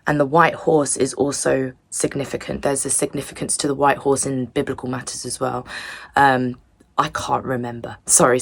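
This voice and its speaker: A woman's voice: extremely low pitch, creaky, no echo. A young woman giving a rambling, earnest tarot reading in a loose, chatty way. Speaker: tarot reader. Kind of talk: casual spiritual tarot reading.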